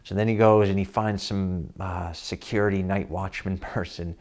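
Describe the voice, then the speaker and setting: A man tells a comic personal anecdote in a somewhat low voice. He chuckles as the story goes on and keeps a loose, casual storytelling rhythm. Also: steady tone, normal speed, a little mellow.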